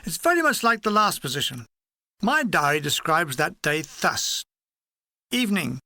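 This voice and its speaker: A man reading his own war memoir aloud in a dry, wry, deadpan manner. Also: a little high, normal speed, no room sound. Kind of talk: audiobook reading.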